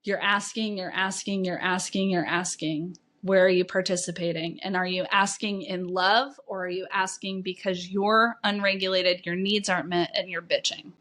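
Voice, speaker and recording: A woman's voice: on the low side, fairly even intonation, normal speed, hardly any pauses, a bit bright. A woman life coach hosting her own podcast, talking candidly and informally, swearing freely and dropping lots of "like" and "right?" asides. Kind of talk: candid solo podcast monologue.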